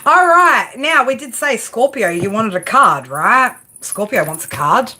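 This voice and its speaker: A woman's voice: on the high side, big pitch swings, measured pace, bright, forceful tone. Profane, laughing tarot streamer woman. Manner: casual, profane, laughs often, talks back to chat. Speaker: tarot reader. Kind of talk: live stream tarot reading, chatting with viewers.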